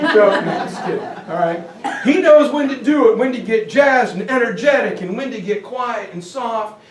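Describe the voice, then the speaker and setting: A man with a high voice gives an animated history lecture, joking and acting things out and breaking into shouts. He sounds echoey and a little distant, as if caught by a mic across a classroom. A faint noise sits under his voice. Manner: jokey, theatrical, bursts into shouts. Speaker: teacher.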